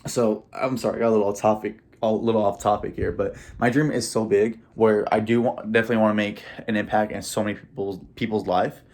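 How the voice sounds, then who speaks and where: A man's voice: lowish voice, steady tone, quick pace, hardly any pauses, darkish tone. A young man talking straight to camera about his dreams in a casual, rambling way, repeating words and laughing, choked up with emotion. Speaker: vlogger. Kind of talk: casual motivational monologue.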